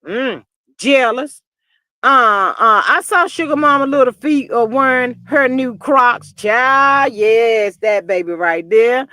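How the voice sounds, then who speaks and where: A woman hosting a live stream, chatting casually and reading viewer comments, animated and drawling, often calling people "child". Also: fairly high pitch, takes it slowly, no echo, studio quality.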